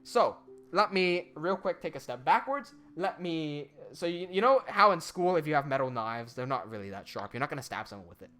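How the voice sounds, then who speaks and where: A young man telling a story in casual chat, animated, with quick asides and swearing. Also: on the high side.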